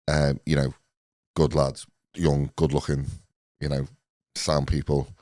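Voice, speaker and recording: Host, man, late 30s, very low dark voice, easygoing delivery, dry close sound. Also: little pitch movement, slow, no echo. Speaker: podcast host. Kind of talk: casual chat.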